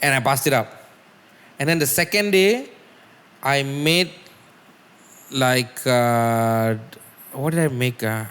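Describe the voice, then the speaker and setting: A man tells stories as a guest musician on a casual podcast, animated and swearing freely. His medium pitch rings out with a long reverb tail. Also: slow, long pauses, clean tone.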